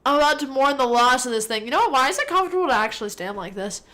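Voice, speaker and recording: Woman streaming, kinda high voice, rambly and excitable, swears constantly. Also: rapid-fire, soft background music. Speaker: livestreamer. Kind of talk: casual livestream chat.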